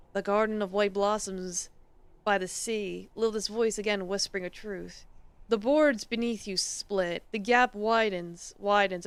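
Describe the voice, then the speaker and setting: A woman streamer reading a horror visual novel aloud in a theatrical way, swinging between hushed and emphatic lines. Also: mid-range voice, clear, resonant tone, no echo.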